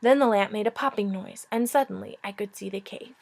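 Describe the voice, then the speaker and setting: A woman teacher reading a chapter book aloud in a relaxed, informal way. She breaks off now and then for casual asides and jokes. Everyday, unpolished delivery. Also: medium pitch, fairly quick. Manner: informal, joking, breaks off to chat.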